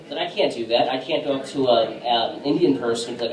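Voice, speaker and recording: A man performing a casual stand-up set on a bar stage, with a halting delivery full of fillers. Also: medium pitch, a little hiss or hum. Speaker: stand-up comedian. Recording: echoey room from a distance.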